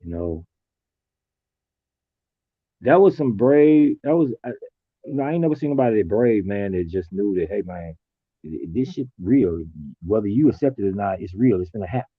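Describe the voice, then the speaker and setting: Low-voiced man over a tinny line. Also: lively intonation, normal speed, pauses often, breathy edge, no room sound. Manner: reflective storytelling, colloquial. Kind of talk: casual conversation.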